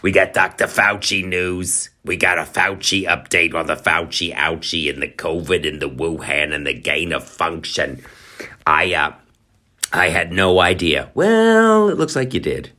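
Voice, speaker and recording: A man's voice: low-pitched, steady tone, unhurried, sharp tone. A man hosting a comedy podcast, talking in a rambling, profane, sarcastic monologue with lots of fillers. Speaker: podcast host.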